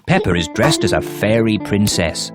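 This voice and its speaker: A man's voice: fairly low pitch, very animated, normal speed, over loud music. A man narrating a children's cartoon in a cheerful storybook delivery.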